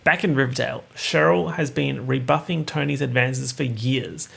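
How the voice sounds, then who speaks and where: A man's voice: mid-range voice, moderate pace, gravelly, fairly bright tone, slightly rough. A young man hosting a casual podcast, reading out a plot summary with sarcastic asides. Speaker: podcast host.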